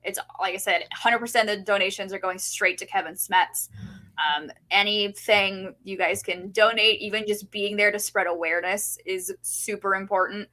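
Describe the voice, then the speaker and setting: A woman's voice: medium pitch, steady tone, moderate pace, pushed and bright. A woman co-hosting a podcast in casual chat, bubbly and laughing often. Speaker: podcast co-host.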